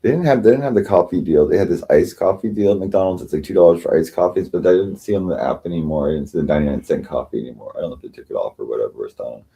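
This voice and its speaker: A man with a very low voice rambles through a casual livestream chat, tired and swearing freely. He halts, repeats himself and restarts often as he talks. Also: vocal fry, dark tone, breathy edge. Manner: rambling, halting, many restarts and profanity. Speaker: livestream host.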